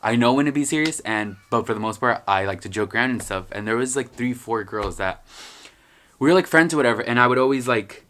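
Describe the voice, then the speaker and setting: Young guy ranting on his vlog, jokey, swears constantly, middle pitch. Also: brisk, fairly bright tone. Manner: rambling, swears a lot, joking. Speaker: vlogger. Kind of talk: casual storytime vlog.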